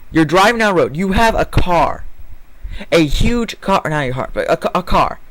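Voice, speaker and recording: A man's voice: a little high, animated, normal speed, fairly bright tone, a little hiss or hum, rough recording. Angry, foul-mouthed man ranting. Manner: angry, profane, emphatic; rambling with restarts and self-corrections. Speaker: vlogger. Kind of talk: reading a news story and ranting about it.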